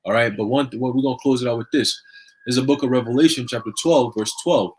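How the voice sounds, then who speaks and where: A man co-hosting a religious talk show, reading Bible verses slowly and explaining them in casual slang. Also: mid-range voice, a little mellow, a little hiss or hum. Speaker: co-host.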